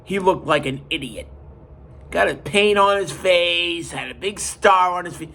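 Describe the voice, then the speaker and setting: A man hosting a podcast, retelling a story in an animated, emphatic way. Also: sits high, a little slow, creaky. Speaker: podcast host. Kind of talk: casual storytelling.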